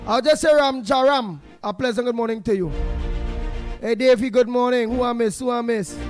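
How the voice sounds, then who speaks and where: High-voiced Trinidadian male talk host. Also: normal speed, faint music behind. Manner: chatty, creole phrasing, laughs often, rattles off names. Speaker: radio talk show host. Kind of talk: casual on-air chat greeting listeners.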